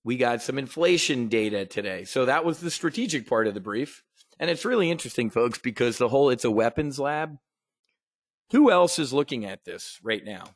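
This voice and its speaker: In a very animated, medium-pitched voice at a moderate pace, a man hosts a trading market briefing as a casual livestream. He rants with blunt sarcasm, swears casually, and often restarts his sentences; the recording is dry and cleanly studio-made.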